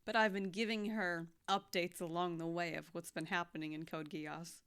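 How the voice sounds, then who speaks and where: A young woman chatting casually about a series she watched, heartfelt and expressive, moving between hushed and loud. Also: on the low side, normal speed, clean tone. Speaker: anime reaction vlogger. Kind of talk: casual recap chat.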